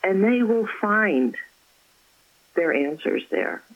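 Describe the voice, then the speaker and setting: A woman, an author, chatting as an interview guest and telling stories about her faith with effusive warmth. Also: medium pitch, sing-song, takes it slowly, phone-quality sound. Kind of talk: casual interview chat.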